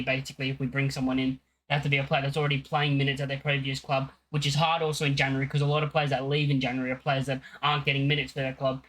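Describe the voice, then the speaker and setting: A man's voice: mid-range voice, fairly bright tone, low-quality recording. A young man talking casually as a football fan channel host, rambling, with many fillers and restarts.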